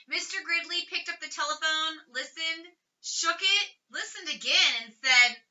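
A woman reading a children's chapter book aloud in a steady, expressive storytelling voice. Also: very high voice, measured pace, far from the mic, muffled recording. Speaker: reader.

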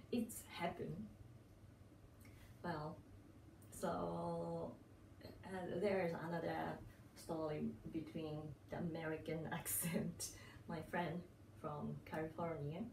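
A woman with a Japanese accent telling stories in an easygoing vlog, pausing often and laughing lightly between thoughts. She speaks slowly, set back from the mic in a roomy space, with faint ambience behind her. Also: lowish voice, fairly even intonation, gravelly, mellow, recorded from a distance, a little hiss or hum. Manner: unhurried, many pauses and fillers, frequent laughs. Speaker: channel host. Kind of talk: casual storytelling vlog.

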